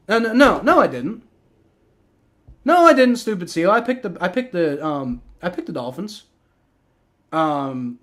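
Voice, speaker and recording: His voice is fairly high as he watches football live on stream, a young host rattling off rambling, excitable reactions and play-by-play with plenty of swearing.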